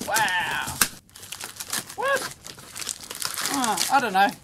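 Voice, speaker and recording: A middle-aged man with an Australian accent, hosting a casual unboxing video from his electronics lab in an excitable, rambling way full of exclamations and slang. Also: very high voice, measured pace, noisy background. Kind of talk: casual unboxing and teardown commentary.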